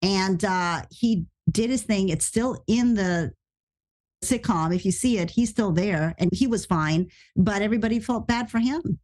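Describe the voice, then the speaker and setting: An American woman telling stories as a guest on a podcast, her voice sitting in an ordinary middle register. She talks in a casual, animated way and rushes through her anecdotes. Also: mid-range voice. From United States. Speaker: actress guest.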